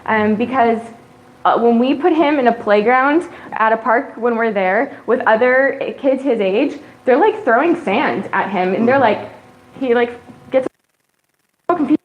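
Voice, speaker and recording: A woman's voice: fairly high pitch, a little slow, dull audio. A young woman in casual chat, talking about her family with gushing enthusiasm and acting out what her children say. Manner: gushing and animated, acts out quotes of her kids. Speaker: guest sharing her family story.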